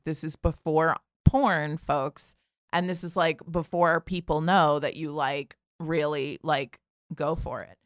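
A woman's voice: sits low, dry recording, clean studio sound. A woman in her forties casually telling a funny personal story, full of fillers, acting out the voices of the people in it. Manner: animated, lots of "like", acts out voices. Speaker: podcast guest telling a story.

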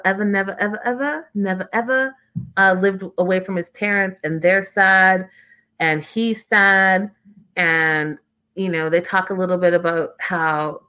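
A woman's voice: medium pitch, sharp tone. A woman giving a casual, opinionated recap of a reality TV show, stressing points by repeating words.

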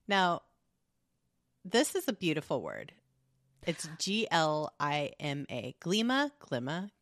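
A woman's voice: sits low, very animated, slow pace, long pauses, fairly bright tone, dry recording, clean studio sound. A woman co-hosting a casual podcast chat, joking and swearing as she reads out facts and laughs often. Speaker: podcast co-host.

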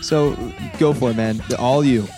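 A young man hosting a casual music podcast, chatty and halting with lots of fillers and restarts. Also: medium pitch. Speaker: podcast host. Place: New York studio.

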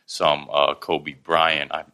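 A young man who grew up in Thailand, telling stories in a casual chat with quick animated delivery. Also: rumbling low, smooth. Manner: fast, animated storytelling with frequent laughs.

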